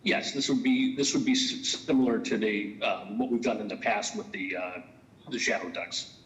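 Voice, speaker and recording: A man's voice: on the low side, moderate pace, fairly bright tone, reverberant, rough recording. A man petitioning at a public hearing, speaking hesitantly with many restarts. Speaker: utility company petitioner.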